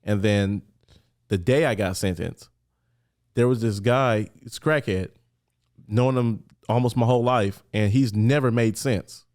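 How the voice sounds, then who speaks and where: A man's voice: fairly low pitch, measured pace. A man from Los Angeles, a podcast guest, telling his story conversationally with lots of "like" fillers and acted-out voices for the people he quotes. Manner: animated, acts out quoted voices, many "like" fillers.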